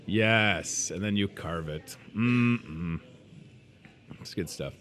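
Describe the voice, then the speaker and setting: A man hosts a store's daily show in a casual, chatty way. His voice is bright and forward, and his pitch swings up and down a lot. He riffs jokingly on food with playful asides. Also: expressive, slow pace. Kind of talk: casual chat.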